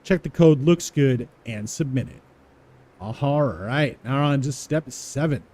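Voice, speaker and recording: A man walking through a coding exercise, repeating words aloud slowly as he types them and chuckling to himself. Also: mid-range voice, expressive, dark tone. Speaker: coding tutorial presenter. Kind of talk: casual live coding walkthrough.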